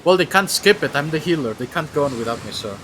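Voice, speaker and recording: A man casually commenting on a video game as he streams it, thinking aloud and sometimes yelping with excitement. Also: on the high side, fast talker, heavy background noise. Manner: chatty, thinks aloud, bursts into excited yelps. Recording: game music playing behind.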